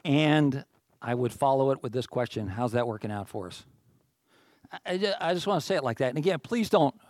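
A man preaching a conversational sermon as pastor, informal and earnest, with self-deprecating asides, pushing his voice higher and louder to stress a point. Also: animated, fairly quick, no echo, studio quality. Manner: rises in pitch and volume when stressing a point.

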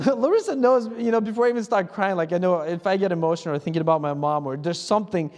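A man's voice: sits high, quick pace, a little mellow. A middle-aged man preaching a casual, conversational sermon as pastor, chuckling at himself now and then and briefly imitating how other people pray. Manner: conversational, self-laughing, mimics others' prayers. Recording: church hall reverb.

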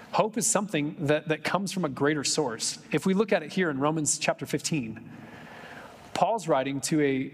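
In a church sanctuary, a male pastor with a slightly high, husky voice preaches a sermon, his words trailing off into a long reverb tail. He speaks conversationally with joking asides, building toward impassioned emphasis.

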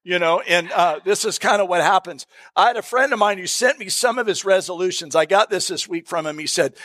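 A man's voice: sits high, a little fast, hardly any pauses, a bit bright. A middle-aged man preaching a sermon to a church congregation, chatting and telling stories with frequent fillers. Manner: conversational, folksy storytelling with fillers. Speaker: pastor. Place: church service room.

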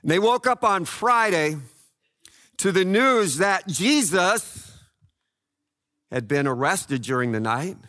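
A man preaching a sermon, telling the story dramatically and swinging between loud cries and hushed low lines. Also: expressive, slow, long pauses, dry recording, studio quality. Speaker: pastor.

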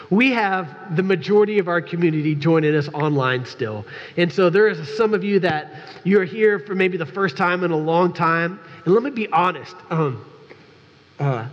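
A man preaching as a pastor in a conversational sermon, candid and joking, talking straight to his congregation. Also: fairly high pitch. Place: church sanctuary. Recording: dull recording with long church reverb.

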